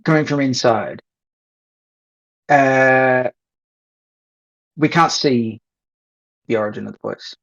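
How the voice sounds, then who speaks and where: A man playing a tabletop game, hesitant with many pauses. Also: medium pitch, creaky, a bit bright. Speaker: player. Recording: slightly muffled mic.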